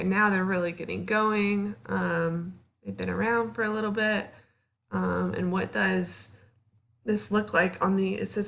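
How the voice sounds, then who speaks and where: A woman's voice: medium pitch, creaky, fairly bright tone. Casual woman teaching history. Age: 30s. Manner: casual, chatty, filler-heavy, asks the class questions. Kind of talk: classroom lecture.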